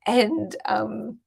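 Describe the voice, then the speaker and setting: Gravelly-voiced Australian woman telling stories. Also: a little high, a little mellow. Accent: Australian, regional Queensland. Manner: chatty, swears casually. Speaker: business coach hosting a Q&A. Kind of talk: casual live Q&A storytelling.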